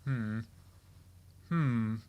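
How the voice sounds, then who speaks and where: A man's voice: medium pitch, dark tone, smooth. Swearing, bantering man at a game table. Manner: swears freely, quick jokey banter. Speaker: tabletop player. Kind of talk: casual game-table chat.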